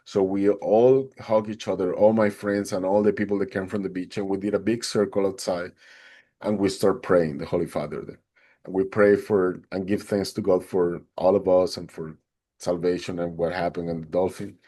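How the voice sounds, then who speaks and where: A man, a podcast guest, recounting a personal experience in an animated way and acting out the others' lines. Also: sits low, normal speed. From Atlanta, Georgia, USA. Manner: animated, acts out the other people's lines in a raised voice. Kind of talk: personal storytelling.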